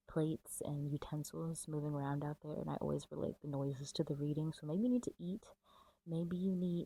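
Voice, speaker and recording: A woman's voice: deep voice, dark tone, rough recording. A woman giving a casual, chatty tarot reading to camera, full of fillers and a little out of breath. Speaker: tarot reader.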